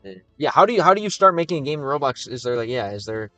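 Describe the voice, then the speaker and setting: A man's voice: medium pitch, big pitch swings, racing, sharp tone, no echo, soft background music. Easygoing American man chatting on stream. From United States. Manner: chatty and easygoing, reads viewer questions aloud. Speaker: livestreamer. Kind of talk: casual livestream chat with viewers.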